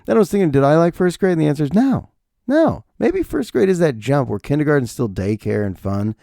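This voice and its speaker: A man's voice: a little high, big pitch swings, quick pace, vocal fry, mellow, no echo, studio quality. A man in his thirties hosting a podcast, delivering a joking, ranting comedic monologue and acting out little voices. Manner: ranting, jokey, acts out voices. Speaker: podcast host.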